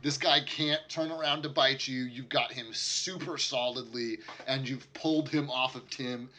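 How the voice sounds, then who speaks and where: A man narrating and running a tabletop role-playing game as game master, laughing often between quick asides. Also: mid-range voice, steady tone, background noise.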